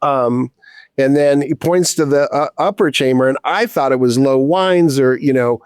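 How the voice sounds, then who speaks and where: A man's voice: mid-range voice, moderate pace, clear, resonant tone, dry recording, studio quality. Rambling middle-aged man telling a story. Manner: rambling, with many restarts and casual swearing. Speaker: distiller guest. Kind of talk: casual storytelling.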